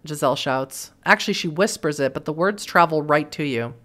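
A woman's voice: low-pitched, brisk, fairly bright tone. A woman hosting a let's play, reading the game's text aloud with wry, joking asides.

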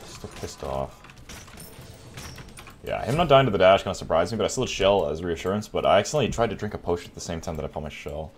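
A man's voice: sits low, animated, fast, husky. Ranting, swearing young man gamer. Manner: exasperated, swears a lot, ranting. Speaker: gaming streamer. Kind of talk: gameplay commentary.

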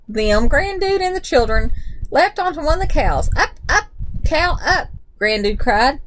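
A woman reading a children's picture book aloud with animated storytelling. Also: high-pitched, poor audio.

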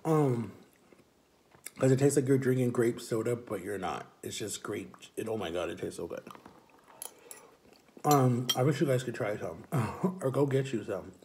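A man's voice: mid-range voice, lively intonation, a little slow, long pauses, darkish tone, slight background noise. A man chatting casually and upbeat in a vlog, filling his talk with "like". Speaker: vlogger.

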